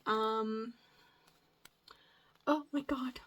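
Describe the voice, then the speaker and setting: A woman's voice: fairly high pitch, steady tone, extremely slow, fairly bright tone. A young woman from the Midwest chatting casually in a crochet vlog, gushing, swearing freely, and sometimes dropping into a whisper, her voice cracking. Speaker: crochet vlogger. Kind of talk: casual chat.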